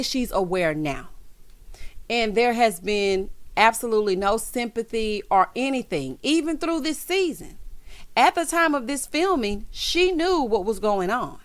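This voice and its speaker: A woman recapping a reality show episode in sassy, emphatic casual commentary, with lots of "honey" and "child" asides and frequent laughs. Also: on the high side. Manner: laughs often.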